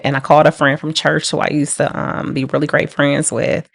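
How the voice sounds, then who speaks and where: A woman's voice: deep voice, little pitch movement, fairly quick, vocal fry, husky, no echo, clean studio sound. A young woman telling her life story in a casual, emphatic way, repeating phrases for weight. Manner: casual, emphatic, repeats phrases, laughs through hard memories. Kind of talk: candid personal storytelling.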